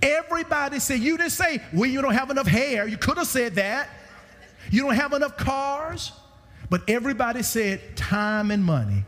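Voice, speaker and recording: A man preaching a sermon to a congregation with animated swings in pitch, recorded through a church sound system. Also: moderate pace. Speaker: guest preacher. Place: church sanctuary. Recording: reverberant church hall.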